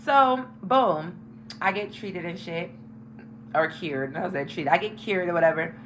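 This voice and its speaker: A woman's voice: lowish voice, unhurried, a little hiss or hum, poor audio. A young woman hosting a casual storytime vlog, talking frankly and emphatically with lots of profanity. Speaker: tarot channel host.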